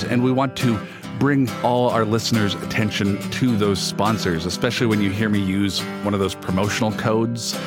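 A man hosting a podcast, reading scripted narration and sponsor notes in an earnest, lightly playful way. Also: mid-range voice. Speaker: podcast host.

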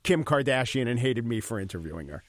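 A middle-aged man with a New York accent, a radio host answering interview questions in a talkative, opinionated way with quick asides. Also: medium pitch, sing-song, no room sound, studio quality. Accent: New York area. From New York–New Jersey area. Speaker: radio show host, guest.

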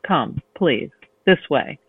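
A woman reading a novel aloud, voicing a courtly male fencing instructor who gently urges a beginner on. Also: a little high, animated, takes it slowly, dry recording, exaggerated voice. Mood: coaxing. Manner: smooth, encouraging, gently insistent. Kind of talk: read-aloud novel excerpt. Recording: tinny phone-line sound, dry.

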